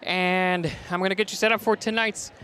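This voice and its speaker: Male local sports broadcaster, bright high voice, energetic stat-reading, slightly winded. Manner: energetic, fast-talking, reading stats and names. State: out of breath. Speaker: play-by-play broadcaster. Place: top of gym bleachers.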